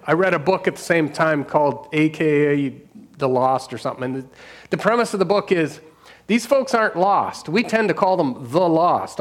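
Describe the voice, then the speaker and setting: A middle-aged man, a pastor telling his own story in an earnest, unscripted way, laughing often and restarting his sentences. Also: fairly high pitch. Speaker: pastor and street outreach worker. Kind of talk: personal testimony.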